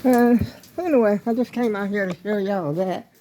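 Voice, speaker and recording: A woman's voice: medium pitch, moderate pace, mellow, slight background noise. An older woman vlogging casually from her home, chatty and folksy, a little out of breath as she calls her viewers y'all.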